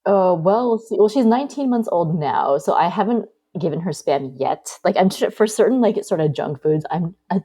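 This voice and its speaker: Low, husky, mellow woman. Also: animated, moderate pace, hardly any pauses. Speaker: podcast guest. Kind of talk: casual podcast chat.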